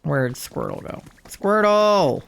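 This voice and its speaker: Lively, slow-talking woman streamer. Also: medium pitch, vocal fry, clean tone. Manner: reactive, swears casually, excited exclamations. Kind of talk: live gameplay commentary.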